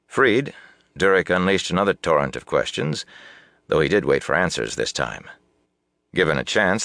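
Very deep gravelly male narrator. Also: a bit bright, no room sound. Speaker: audiobook narrator. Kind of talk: scripted narration.

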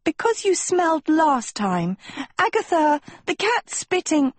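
A woman voicing a vain, sweet-talking teenage girl who coaxes in a high, sugary tone. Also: big pitch swings, a little slow, no room sound, heavily acted. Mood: coaxing. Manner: sugary, coaxing, high and wheedling.

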